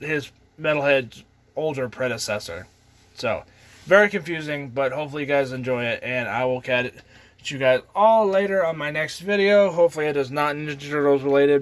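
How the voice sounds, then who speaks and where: A man's voice: medium pitch, no room sound. A young man hosting his own channel, rambling casually with lots of ums and little chuckles. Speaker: channel host.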